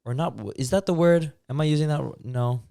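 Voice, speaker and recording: A man's voice: fairly high pitch, brisk, gravelly, no echo, studio quality. A young man co-hosting a podcast, talking casually and rambling with lots of fillers. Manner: relaxed, rambling, many fillers. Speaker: podcast co-host. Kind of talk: casual chat.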